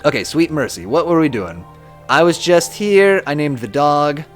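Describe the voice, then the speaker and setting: Chatty young male streamer, lively voice. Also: moderate pace, faint music behind. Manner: chatty and self-deprecating, laughs often, lively swings in pitch. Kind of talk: casual live-stream chat, reading chat aloud.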